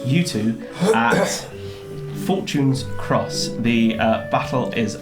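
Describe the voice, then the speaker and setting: A man running a tabletop game, narrating haltingly with many ums and laughs. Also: mid-range voice, very animated, music in the background. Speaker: game master.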